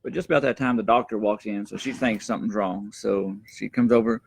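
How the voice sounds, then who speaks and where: A man adds short, matter-of-fact remarks to a home video. His voice is low and gravelly, with a husky edge. The sound is dry. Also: brisk, no room sound. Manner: brief, matter-of-fact interjections. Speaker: husband chiming in. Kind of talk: casual chat.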